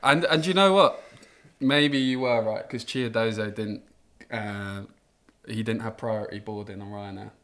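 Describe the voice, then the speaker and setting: A male podcast co-host with a bright, forward voice, joking and teasing his guest in easy casual chat. He keeps things upbeat and playful. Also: fairly low pitch, measured pace.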